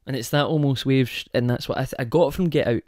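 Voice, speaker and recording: A man hosting his own podcast, thinking out loud in a casual monologue. His pitch sits in an ordinary middle range, and he keeps drifting into tangents and stopping to ask listeners whether they follow him. The close mic gives a dry sound with no room echo. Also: fast. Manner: rambling, goes off on tangents, asks rhetorical questions. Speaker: podcast host.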